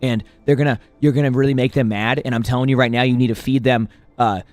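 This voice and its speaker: A man's voice: mid-range voice, steady tone, fast, darkish tone, no echo, voice pushed down, lightly acted. A man mimicking a furious know-it-all online commenter who lectures about cat care and hurls insults. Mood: ranting.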